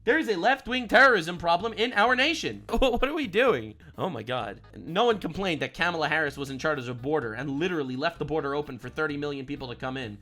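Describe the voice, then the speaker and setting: A man streaming a reaction to a video, ranting loudly and repetitively with plenty of profanity. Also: a little high, lively intonation, quick pace, hardly any pauses, soft background music. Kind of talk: heated reaction commentary.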